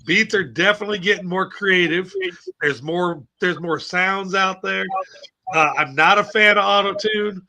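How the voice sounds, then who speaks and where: A man's voice: high voice, normal speed, bright, forceful tone. A man co-hosting a casual radio talk show, blunt and swearing, with laughing asides.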